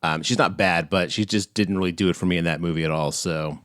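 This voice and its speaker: A man's voice: low-pitched, fast talker, fairly bright tone, no room sound, studio quality. A man from Texas co-hosting a podcast in casual chat, opinionated and teasing, swearing now and then. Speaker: podcast co-host.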